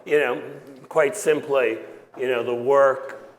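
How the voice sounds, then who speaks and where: Measured man speaking in a reverberant hall. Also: medium pitch, fairly even intonation. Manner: measured, with fillers and restarts. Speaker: sports team executive. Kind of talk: speech on a panel. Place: event stage before a live audience. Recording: long hall reverb, crowd murmur.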